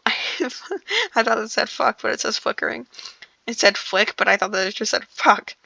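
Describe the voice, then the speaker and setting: A woman's voice: a little high, sing-song, a little slow, vocal fry, pushed and bright, dry recording, lo-fi sound. A woman casually reading a novel aloud, often stumbling over words, restarting sentences and breaking off for joking asides. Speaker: audiobook reader.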